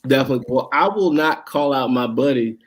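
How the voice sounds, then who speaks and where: A man with a Southwest Virginia country accent, talking in a folksy, rambling way over a video call. His pitch sits in the middle range, and his speech is full of fillers and restarts. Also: fairly quick. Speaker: guest, school district director. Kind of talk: casual conversational interview.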